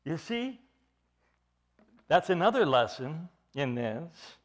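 A man's voice: fairly high pitch, big pitch swings, slow pace. A man preaching an expository sermon as pastor, earnest and emphatic, often repeating and restarting his phrases.

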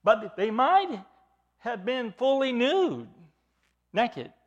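Animated, high-voiced male preacher. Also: very slow, lo-fi sound. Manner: emphatic, earnest, repeats and restarts phrases. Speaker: pastor. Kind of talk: expository sermon.

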